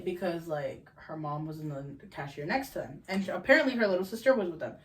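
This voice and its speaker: A 21-year-old woman hosting a casual podcast, telling stories in an animated way and swearing freely. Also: lowish voice, fairly quick. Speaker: podcast host.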